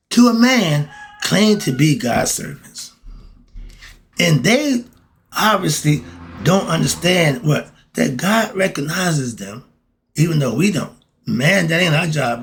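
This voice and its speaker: Gravelly preachy man with lively pitch. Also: a little hiss or hum. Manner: preachy, rhetorical questions, chuckling asides. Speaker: podcast host. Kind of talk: casual monologue.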